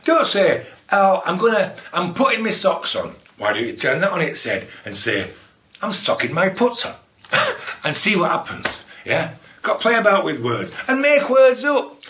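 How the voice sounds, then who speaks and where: A man's voice: sits high, big pitch swings, normal speed, sharp tone. A man running a playful poetry lesson for children, exclaiming and laughing as he shares tips. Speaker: children's poet. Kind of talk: lively poetry workshop for children. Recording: echoey room.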